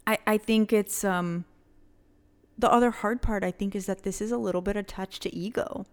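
A woman co-hosting a podcast, speaking frankly and emphatically in casual conversation. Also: mid-range voice. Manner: frank, emphatic, quick backchannels.

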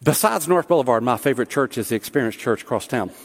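A man's voice: mid-range voice, lively intonation, fast talker. Preaching man in a reverberant church hall. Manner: conversational preaching with rising emphatic peaks. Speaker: pastor. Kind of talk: sermon.

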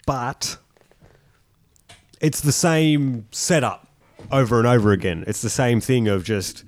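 A man's voice: medium pitch, slow, no room sound. An Australian man co-hosting a podcast in loose, profane banter. He laughs often and swears freely. The recording is close and dry. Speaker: podcast co-host. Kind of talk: crude casual banter.

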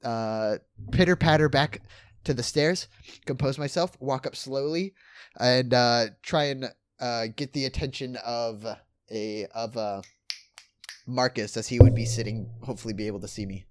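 A man's voice: medium pitch, no room sound, studio quality. Hesitant man playing a tabletop game. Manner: halting, hesitant with many fillers. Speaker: player. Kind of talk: casual tabletop play.

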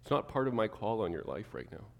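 Animated male preacher, lowish voice. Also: fast, vocal fry, big-room sound. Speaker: pastor. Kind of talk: sermon.

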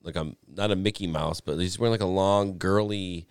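A young man with a fairly low voice rambles through a story in casual podcast chat, full of fillers and swearing. The sound is dry and close to the mic, with no room around it. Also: normal speed, smooth, no echo. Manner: rambling, profane, animated storyteller with lots of "like".

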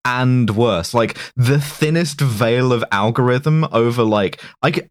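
A man's voice: medium pitch, unhurried, no echo, clean studio sound. A man co-hosting a casual podcast who riffs jokes with a lot of "like" fillers. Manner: joking, riffing, lots of "like". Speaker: podcast co-host. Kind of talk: casual comedic podcast chat.

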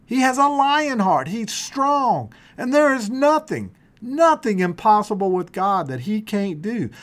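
Earnest higher-voiced male preacher. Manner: earnest, emphatic preaching that drops low and soft on quoted promises. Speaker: pastor. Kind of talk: sermon.

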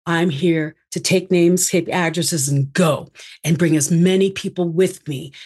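Woman, speaker coach being interviewed; emphatic, expressive delivery with big swings in intonation. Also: lowish voice, a little slow, breathy edge. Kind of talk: interview answers.

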